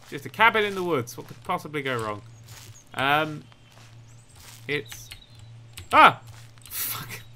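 A young man commentating his own game, jumpy and quick to yelp and swear when startled. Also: high-pitched, gravelly, sharp tone. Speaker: gaming YouTuber. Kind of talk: let's play commentary.

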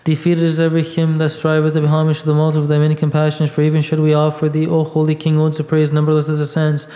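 A man reading liturgical hymns aloud in a steady, even recitation at a church service, now and then stumbling over a word. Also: fairly high pitch, fast talker. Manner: steady monotone recitation with small slips. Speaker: reader at a monastery service. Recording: dull echoey church audio.

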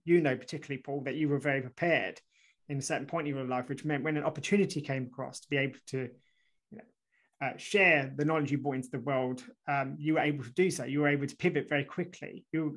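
A male author talks through ideas in an animated, conversational way. He restarts sentences and keeps checking in with "right?" as he explains. His voice sits a little above average pitch. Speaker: author and guest. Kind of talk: conversational interview.

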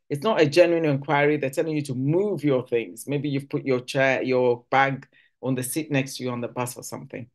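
A woman giving a conversational teaching talk at church, acting out quoted phrases with sudden jumps in pitch. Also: moderate pace. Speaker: church speaker.

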